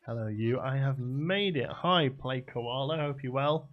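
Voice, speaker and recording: A man's voice: medium pitch, a little slow, muffled recording. A young man streaming a game live, rambling casually as he answers chat messages aloud. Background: faint game music.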